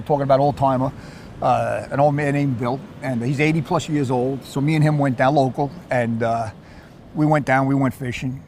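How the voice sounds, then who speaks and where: A man with a New York accent, chatting casually about fishing and telling animated stories, repeating and restarting his words. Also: mid-range voice, slight background noise. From Queens, New York. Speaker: surf fisherman. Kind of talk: casual chat.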